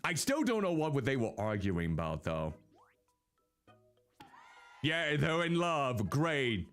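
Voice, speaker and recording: A man's voice: mid-range voice, takes it slowly. A man streaming a life-sim game, giving casual commentary and talking to the characters on screen. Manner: animated, talks to the game characters. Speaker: VTuber streamer. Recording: faint game music behind.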